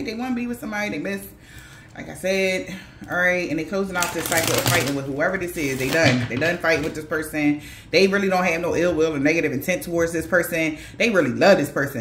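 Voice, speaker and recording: A woman's voice: sits low, noisy background. A woman doing a casual tarot reading for viewers, talking bluntly in slangy, profane speech with laughing asides. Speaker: tarot reader. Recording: echoey room.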